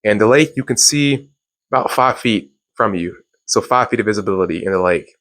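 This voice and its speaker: Young male self-help host from Louisiana, low-pitched, loose and rambling delivery, dry recording. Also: animated, a little fast, a bit bright, no room sound. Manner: rambling storytelling with restarts and laughs. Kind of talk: casual motivational talk.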